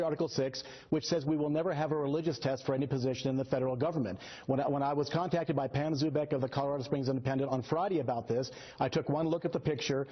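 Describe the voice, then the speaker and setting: A man arguing as a guest on a TV news show, excitable and sarcastic, talking over the host. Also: mid-range voice, husky. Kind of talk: heated TV debate. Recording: dull lo-fi broadcast audio.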